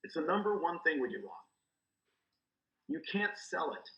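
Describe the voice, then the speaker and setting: A middle-aged man giving energetic coaching talk as a guest, acting out quoted dialogue as he goes. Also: fairly high pitch, moderate pace, echoey room, muffled recording. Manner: animated, acts out quoted dialogue. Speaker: guest, real estate recruiter.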